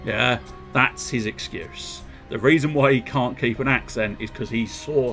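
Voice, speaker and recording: A man's voice: mid-range voice, unhurried, fairly bright tone. A man chatting casually while streaming a game, joking about his own character voices. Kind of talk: casual live game commentary. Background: game music.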